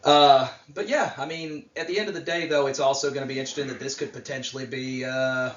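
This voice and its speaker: A man's voice: mid-range voice, quick pace. A man co-hosting a wrestling podcast, talking casually in a rambling way with lots of fillers. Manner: rambling, filler-heavy, relaxed. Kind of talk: casual chat, predictions. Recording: roomy, distant, dull mic.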